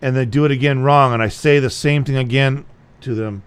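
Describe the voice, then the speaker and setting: A man's voice: mid-range voice, fairly even intonation, a little fast, clear, resonant tone. A man giving a casual guitar lesson, talking bluntly and repeating himself to drive a point home. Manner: blunt, repetitive, plain-spoken. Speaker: guitar teacher.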